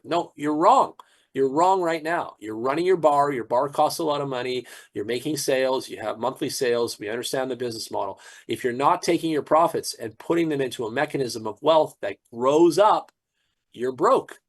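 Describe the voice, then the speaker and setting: A man's voice: medium pitch, a little fast. A man promoting a crypto platform in a casual, preachy pep talk, often repeating words.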